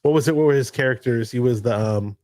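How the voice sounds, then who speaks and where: Man, livestream host, rambling casual chat, mid pitch, dry close sound. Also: fast, a little mellow, no echo. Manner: rambling, jumps from story to story. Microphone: home streaming mic.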